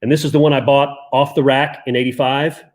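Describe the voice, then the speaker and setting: A man's voice: mid-range voice, little pitch movement, brisk. A man in his fifties co-hosting a casual chat, telling rambling stories with chuckles. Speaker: co-host. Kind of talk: casual chat about comic collecting.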